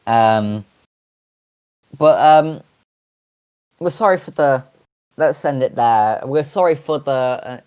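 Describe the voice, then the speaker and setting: A man co-hosts a casual chat podcast, his delivery halting and full of pauses and restarts. The audio sounds dull and lo-fi. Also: medium pitch, darkish tone, smooth. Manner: halting, many fillers and restarts. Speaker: podcast co-host.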